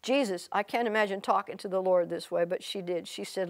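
A woman preaching a sermon, telling a story with lively quoted voices and frequent restarts. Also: mid-range voice, normal speed.

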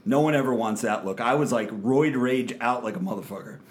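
On a podcast, a young man tells a casual story, swearing nonstop and animatedly acting out what people said. His voice is medium-pitched and his delivery brisk.

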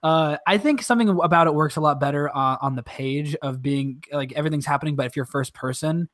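Podcast cohost rambling along, sweary, does little voices, dry close mic, mid pitch. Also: quick pace, fairly bright tone, dry recording. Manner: rambling, sweary, mimics voices while retelling. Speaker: podcast co-host. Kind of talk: casual chat.

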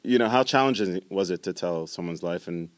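A man's voice: sits low, brisk, no echo. A man interviewing a guest, asking questions with some hesitation and fillers. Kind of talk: interview conversation.

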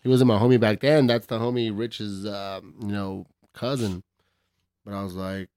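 A man's voice: fairly low pitch, steady tone, normal speed, a little mellow, clear, resonant tone, dry recording, clean studio sound. A man hosting a casual podcast, joking loosely with slang and swearing and laughing often. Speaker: podcast host.

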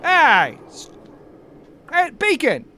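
A man's voice: very high-pitched, wildly swooping pitch, drawn-out words, sharp tone, pitched above the performer's own voice, heavily acted. A man voicing an elderly, fired-up male knight who grumbles that the young have no respect. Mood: commanding. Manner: indignant, huffy.

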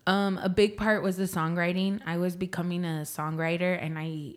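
A woman's voice: lowish voice, little pitch movement, normal speed. A young woman from San Antonio, Texas, a singer-songwriter guest answering interview questions thoughtfully, repeating phrases as she thinks aloud.

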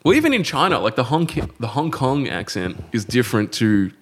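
A man's voice: mid-range voice, sing-song, brisk, fairly bright tone. An Australian man hosting a podcast, chatting in an easygoing way and stumbling over words now and then. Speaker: podcast host and comedian. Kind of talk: casual podcast chat.

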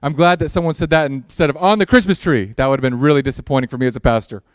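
A male pastor preaching a sermon in a church, opening with a prayer, animated with sarcastic asides and acted-out quotes. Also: medium pitch, very fast, no echo, studio quality. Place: church sanctuary.

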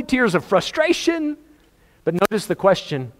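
A man preaching a sermon, telling the story with animated, acted-out scenes. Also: high-pitched, unhurried. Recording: long hall reverb.

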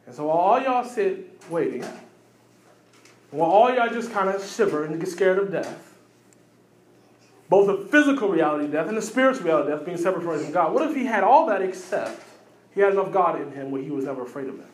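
A man, preaching a sermon in lively bursts with quick asides and repeated phrases. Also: high voice, echoey room. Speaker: pastor.

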